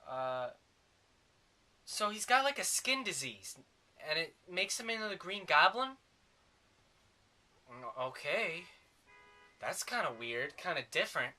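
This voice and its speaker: A man's voice: on the high side, very animated, takes it slowly, long pauses, bright, forceful tone. A man giving a sarcastic, rambling comedic movie review.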